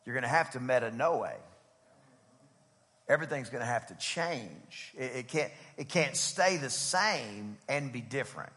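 A man preaching a sermon in a church, swinging from loud, driving build-ups to casual storytelling asides. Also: mid-range voice, lively intonation, unhurried, big-room sound. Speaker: pastor. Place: church sanctuary.

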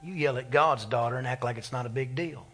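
A man's voice: medium pitch, fairly quick, music in the background. A man, a pastor preaching an impassioned, conversational sermon. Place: church sanctuary.

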